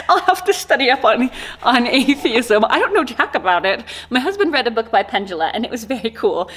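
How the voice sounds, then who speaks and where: A woman with a somewhat high voice chats through an unboxing. She is bubbly and giggly and rambles with lots of filler words. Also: sing-song, normal speed, a bit bright. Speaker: corset maker and vlogger. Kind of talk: casual unboxing chat.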